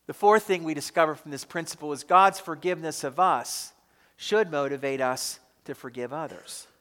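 A male pastor preaches with a high, bright voice. His delivery is emphatic, swinging from loud stresses down to quiet drops. A long hall reverb trails behind his words. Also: normal speed, clear, resonant tone. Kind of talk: sermon.

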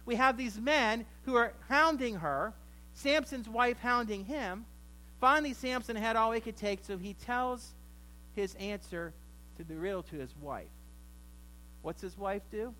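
A male preacher with a high, bright, forceful voice, retelling a story in a sermon. He speaks conversationally and drops wry asides to his listeners. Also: poor audio.

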